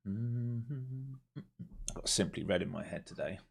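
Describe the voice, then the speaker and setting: A man giving live running commentary on his trades, talking fast and breaking into excited, swearing outbursts when the market moves his way. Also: fairly low pitch, creaky, slightly rough. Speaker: day trader streaming live. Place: home trading desk with several monitors.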